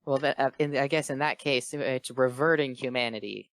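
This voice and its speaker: A man reading a fanfiction aloud for a comedy show, slipping in quick character voices and breaking off to joke. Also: medium pitch, fairly bright tone. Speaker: fanfiction reader. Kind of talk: comedic dramatic reading with commentary.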